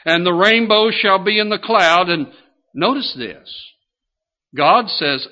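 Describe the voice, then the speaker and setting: A man's voice: sits high, expressive, takes it slowly. An older man preaching a sermon in a folksy way, asking his listeners questions as he goes. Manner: folksy, asks the congregation questions. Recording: dull lo-fi sound.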